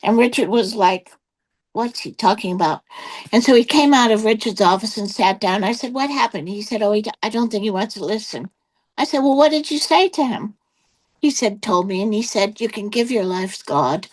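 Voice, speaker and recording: A woman's voice: medium pitch, fairly quick, low-quality recording. An older woman giving her personal testimony as an interview guest, telling a rambling story full of quoted exchanges and fillers.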